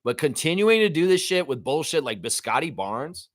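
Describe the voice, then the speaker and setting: A man's voice: on the high side, very animated, moderate pace, no room sound, studio quality. Profane, exasperated ranting fan-show man. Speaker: sports show host. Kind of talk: live fan reaction show rant.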